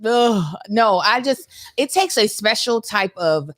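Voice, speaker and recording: A woman's voice: mid-range voice, lively intonation, slow pace, no echo. A woman co-hosting a casual comedic podcast, teasing and playful in her back-and-forth. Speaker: podcast co-host.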